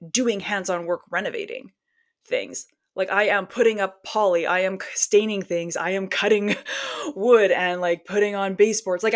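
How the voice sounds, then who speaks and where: A woman in her forties, a podcast guest, telling a personal story casually with quick laughs and acted-out bits of dialogue. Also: medium pitch.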